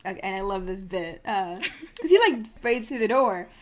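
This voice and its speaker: A woman's voice: mid-range voice, animated, normal speed. A woman co-hosting a podcast in casual chat, acting out character lines as she recaps and swearing freely. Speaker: podcast co-host.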